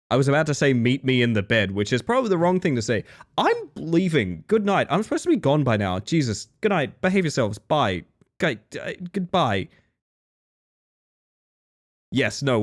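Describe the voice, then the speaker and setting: Male streamer with a lively, bouncing pitch, rambling and self-mocking on a desk mic. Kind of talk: casual stream sign-off chat.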